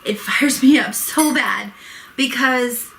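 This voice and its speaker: A woman's voice: fairly high pitch, slow, vocal fry, a bit bright, slight background noise, poor audio. A woman vlogging a heated personal rant to camera, swearing and exasperated, worked up and close to tears.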